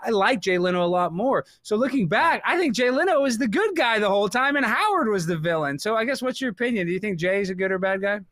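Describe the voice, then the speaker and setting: A young man, a guest on a casual podcast, giving excitable opinions padded with lots of fillers. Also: high voice, fast, hardly any pauses, no room sound, studio quality. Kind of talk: casual chat.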